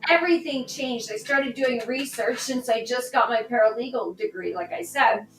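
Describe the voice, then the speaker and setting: A woman, a political candidate on a podcast, talking through a personal story in an animated way and acting out the dialogue. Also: a little high, moderate pace. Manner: animated, re-enacts dialogue in her stories. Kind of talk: conversational storytelling. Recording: echoey room, distant mic, faint music.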